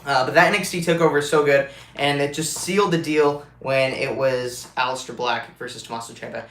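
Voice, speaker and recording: Excitable young man in an echoey room. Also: medium pitch, fairly quick. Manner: rambling, excitable, with many fillers. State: congested, with allergies and swollen mouth. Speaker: wrestling fan vlogger. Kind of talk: casual fan vlog.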